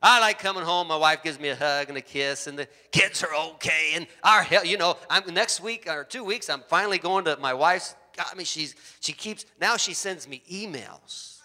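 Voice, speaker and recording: A middle-aged man preaching a sermon, telling stories with lively acted-out voices. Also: moderate pace, hardly any pauses. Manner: animated storytelling, acts out voices with big pitch jumps. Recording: long hall reverb.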